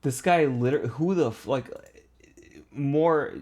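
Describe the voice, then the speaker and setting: A man's voice: mid-range voice, slow, darkish tone. A man on a podcast livestream talking casually and profanely, stumbling and restarting mid-sentence. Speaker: podcast co-host.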